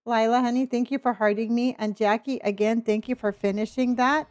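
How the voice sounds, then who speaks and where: Woman streamer w a kinda high voice, chatty and playful, thanking chat, calling ppl honey. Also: fairly even intonation, fairly quick, no echo. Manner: chatty, thanks viewers by name, calls them honey and dear; playful running commentary, gently teasing. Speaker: game streamer. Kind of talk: casual live-stream chat while playing.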